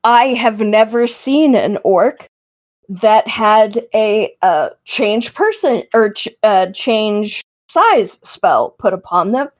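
A woman voicing a calm, polite armored man. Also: medium pitch, slow pace. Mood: reasonable.

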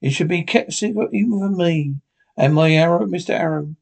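A man's voice: fairly high pitch, normal speed, gravelly, a little mellow. A man reading an audiobook voices a stern, blunt sea captain who speaks formally in a raised voice. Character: gruff, stern older male ship captain.

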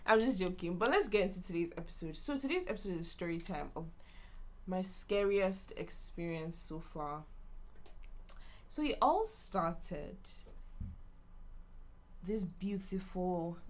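A young woman hosting a podcast, telling a story in a bubbly, animated way and acting out what people said. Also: on the low side. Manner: bubbly, animated storytelling with laughs and acted-out quotes. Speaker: podcast host. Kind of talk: casual story time.

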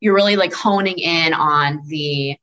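A woman's voice: deep voice, unhurried, bright, forceful tone, dull audio. A woman chatting casually as a podcast panelist, rambling and heavy on filler words. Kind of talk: casual chat.

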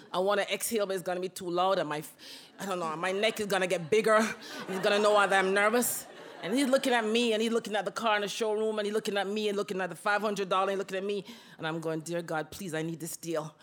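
A woman telling a personal story on stage, animated and acting out the dialogue. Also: mid-range voice.

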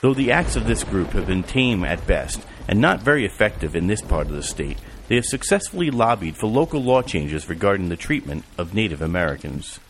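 A man narrating an audiobook in an even, measured reading style. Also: low voice, a little hiss or hum. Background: music and rain.

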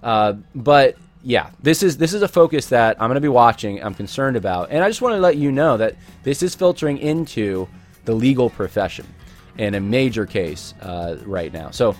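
Man, mid pitch, earnest commentator thinking out loud, restarts lines. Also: expressive, normal speed, soft background music. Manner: earnest, repeats words while thinking. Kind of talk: casual video commentary.

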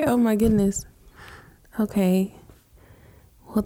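A woman's voice: medium pitch, fairly even intonation, slow pace, pauses often, dark tone. A woman hosting a podcast, emotional and laughing, speaking to listeners with a casual "y'all". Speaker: podcast host.

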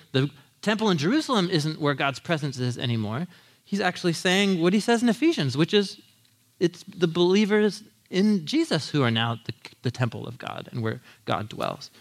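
A man preaching a sermon, telling the story with animated quoted voices and asides to the congregation. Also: moderate pace. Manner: animated storytelling, acting out quotes with big pitch jumps; asides with audience, laughing. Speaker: pastor.

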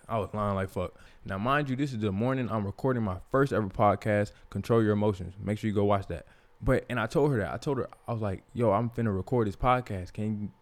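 A young man, telling a personal story as a podcast host in a candid, profane, casual way. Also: on the low side. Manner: profane, candid, animated when quoting others.

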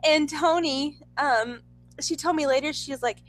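A young woman telling a story in a chatty, excitable way, full of "like.". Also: high-pitched, normal speed, faint music behind, low-quality recording. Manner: chatty, excitable, heavy use of "like". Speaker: vlogger. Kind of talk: casual storytelling.

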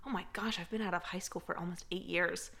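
Bright, animated young American woman. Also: fairly low pitch, fast talker, vocal fry. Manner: animated, laughs easily, asks questions. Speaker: podcast co-host. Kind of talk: casual chat.

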